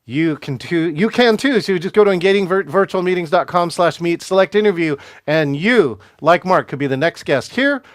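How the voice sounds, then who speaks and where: An energetic man hosts a podcast interview, upbeat and full of fillers and quick restarts. His voice sits a little high, and the recording is dry with no room sound. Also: clean tone, no room sound. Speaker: podcast host. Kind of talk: animated podcast interview hosting.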